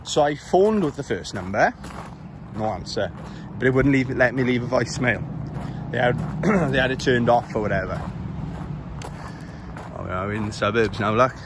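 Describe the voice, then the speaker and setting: A man's voice: medium pitch, expressive, moderate pace, long pauses. A Welsh man talks into a handheld camera while out walking on suburban streets. His storytelling rambles and sounds exasperated, with the odd swear word. Faint traffic hums in the background. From Wales. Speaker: vlogger.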